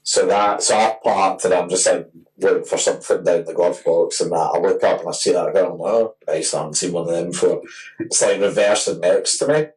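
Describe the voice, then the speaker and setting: A man's voice: deep voice, fairly even intonation, fairly quick, recorded from a distance, poor audio. A man in his twenties co-hosting a podcast, telling a long rambling story in casual chat and swearing freely. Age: 20s. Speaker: podcast co-host.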